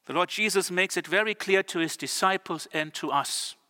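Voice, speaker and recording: Bright high-voiced male preacher in reverb. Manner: earnest, slows words for emphasis. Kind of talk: sermon. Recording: long church reverb.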